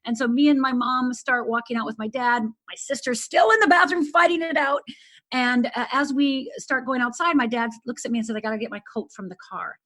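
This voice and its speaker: A middle-aged woman from Upper Michigan, a life coach guest, telling a painful personal story earnestly and dropping to a hush at the hardest moments. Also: sits high, brisk. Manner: earnest, intense, often drops to a hush.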